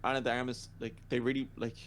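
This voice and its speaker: A man in casual film-podcast chat, pressing his opinions with emphatic repeats. His voice sits at a middle pitch for a man. A faint hiss of noise sits under the recording. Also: flat delivery, fast, fairly bright tone. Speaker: podcast co-host. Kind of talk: casual movie review chat.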